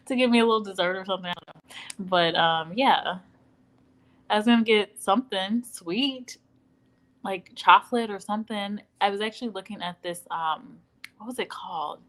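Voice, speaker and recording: A woman at home runs a relaxed livestream, picking up viewer comments one by one. Her voice sits at an ordinary middle pitch, and she acts out little quoted exchanges in a lively way. She chats freely and laughs easily between thoughts. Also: normal speed, long pauses, rough recording. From Midwestern United States. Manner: chatty, animated, laughing, acting out quoted dialogue. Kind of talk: casual live-stream chit-chat. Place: at home in Dallas.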